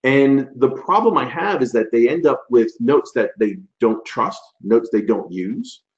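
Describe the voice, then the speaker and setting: A man in his forties presents a webinar as a conversational storytelling lecture, loose and chatty, full of fillers and restarts. His medium-pitched voice is expressive and unhurried, and the audio has its highs cut off.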